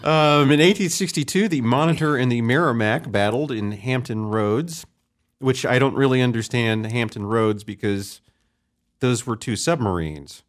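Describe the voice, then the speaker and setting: A man's voice: mid-range voice, moderate pace. A man hosting a casual comedy history talk show, reading out dates and rambling with jokes and fillers. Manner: rambling, joking, lots of fillers. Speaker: host.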